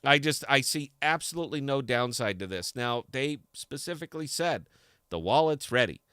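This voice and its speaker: A man's voice: mid-range voice, lively intonation, normal speed, bright, forceful tone, smooth, no echo, clean studio sound. A man hosting a livestream podcast in casual chat, fired up and blunt, with salty language. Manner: fired-up, blunt, profane ranting. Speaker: podcast host.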